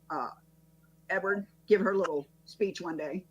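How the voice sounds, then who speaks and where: A woman's voice: on the low side, a little slow, husky, highs cut off. A woman talking in a rambling, profane way, bragging about her daughter and defending herself in a casual rant. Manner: rambling, profane, proud parent.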